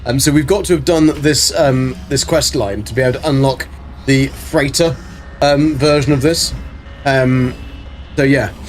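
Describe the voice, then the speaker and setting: A man's voice: medium pitch, a little slow, a little hiss or hum. A man chatting casually on a game live stream, rambling with many ums while reading chat aloud.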